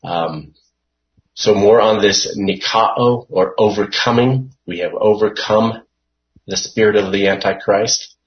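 Man, Bible study leader, slow unhurried delivery, dull lo-fi recording. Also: on the low side. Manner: unhurried, hesitant with frequent fillers, explaining word by word. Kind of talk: Bible study teaching with scripture reading.

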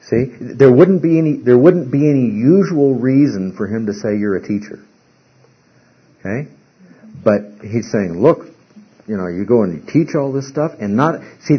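A man teaching a Bible study class. He speaks haltingly, repeats words and keeps asking the class questions. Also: mid-range voice, animated, breathy edge. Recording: muffled lo-fi recording.

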